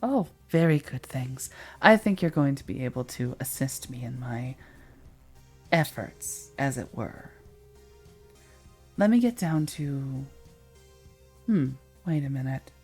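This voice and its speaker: A composed dwarven businesswoman in a tabletop game, speaking evenly and without any put-on accent, as the game master puts her on. Her talk is cool and businesslike, and soft music plays faintly underneath. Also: mid-range voice, lively intonation, slow pace, long pauses, breathy edge, full character voice. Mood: calm. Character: calm dwarven corporate executive woman. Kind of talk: in-character tabletop dialogue.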